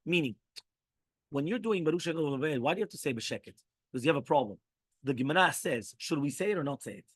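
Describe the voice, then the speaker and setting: Fast-talking rabbi reading and explaining a text. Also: male voice, a little high, a bit bright, dry recording. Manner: reads quoted passages, then breaks in with quick asides and "right?". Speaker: rabbi teaching halacha.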